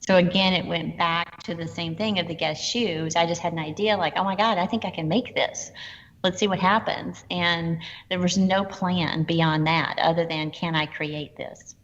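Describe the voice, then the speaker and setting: Lively, storytelling woman in a hall. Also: fairly low pitch, normal speed, slight background noise. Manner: animated, quotes herself and others in dialogue. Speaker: guest entrepreneur. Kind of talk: casual interview storytelling. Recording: dull lo-fi sound with long reverb.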